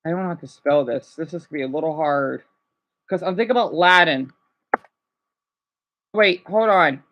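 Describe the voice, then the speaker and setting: A man's voice: on the high side, moderate pace, fairly bright tone. A man chatting casually with his live chat, rambling and hesitant with many restarts. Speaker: livestreamer answering chat.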